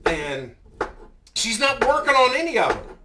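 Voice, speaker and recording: A man's voice: extremely high pitch, sing-song, measured pace, far from the mic, noisy background. A man in his fifties telling a story as a vlogger, ranting heatedly and swearing a lot. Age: 50s. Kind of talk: casual storytelling.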